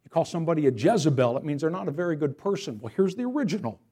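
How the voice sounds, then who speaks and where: A male pastor preaching a sermon to his church, telling a story in an animated, storytelling way. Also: fairly high pitch, rapid-fire, husky.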